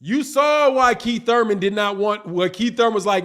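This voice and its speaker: A man hosting a casual boxing live stream, reading viewers' chat messages aloud in a slangy, animated way and laughing often. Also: sits high, normal speed.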